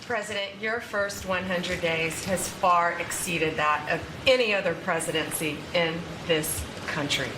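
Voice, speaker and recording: A woman's voice: on the low side, measured pace, few pauses. A woman giving earnest, effusive formal praise at a cabinet meeting. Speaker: government official at a press event. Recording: roomy room with ambient noise.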